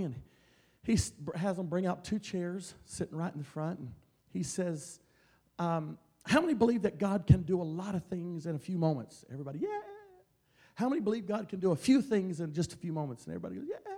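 High-voiced shouting evangelist man. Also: big pitch swings, brisk. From Mississippi. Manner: storytelling, building to loud shouted preaching. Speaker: traveling evangelist preacher. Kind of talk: Pentecostal sermon.

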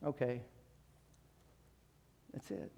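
Speaking very slowly, a male preacher recounts a story, acting out the quotes and often starting over. He moves between loud, rising calls to his listeners and soft, chatty asides.

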